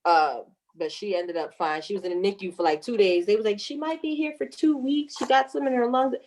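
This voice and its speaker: A woman's voice: mid-range voice, fairly quick. A woman in her thirties telling a birth story with lots of laughter and swearing, acting out every voice in the story. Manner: lively, laughing, cussing, acts out voices. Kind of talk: animated storytelling with acted-out quotes.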